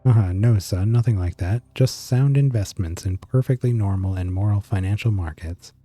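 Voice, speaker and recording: A man's voice: lowish voice, normal speed, mellow, close to an everyday voice. A man reading the lines of a stern, smug father heard over an old radio, in a scolding manner.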